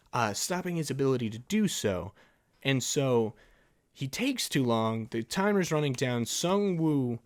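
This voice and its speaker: A man hosting a solo film and TV review podcast, talking casually and ranting in exasperation, with laughs between points. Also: fairly high pitch. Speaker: podcast host.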